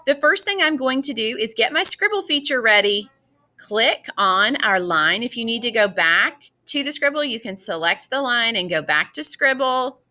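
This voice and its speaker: Woman teacher, fairly high, patient and encouraging classroom walkthrough. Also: expressive, normal speed, sharp tone. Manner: patient, encouraging, addresses students as boys and girls. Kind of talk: classroom math lesson walkthrough.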